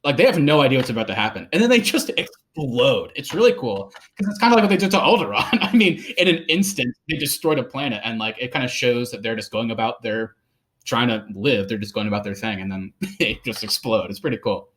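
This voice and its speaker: A man's voice: mid-range voice, expressive, a little fast, fairly bright tone, slight background noise. Guy on a movie podcast just rambling, lots of "like", laughing along. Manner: rambling, laughing, many fillers. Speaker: podcast co-host. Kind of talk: casual film discussion.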